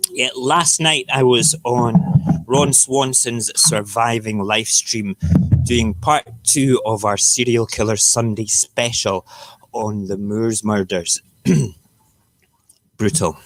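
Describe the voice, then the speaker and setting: A man's voice: mid-range voice, slow. A man from Edinburgh with a Scottish accent, hosting a casual morning live stream and chatting while he cooks and eats. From Edinburgh, Scotland. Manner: rambling, chatty, talks while cooking and eating.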